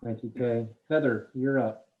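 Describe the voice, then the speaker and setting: A man with a Southern US accent moderating a video call, briskly calling on each person in turn. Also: medium pitch, fairly even intonation, slight background noise. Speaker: meeting moderator. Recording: tinny phone-like call audio.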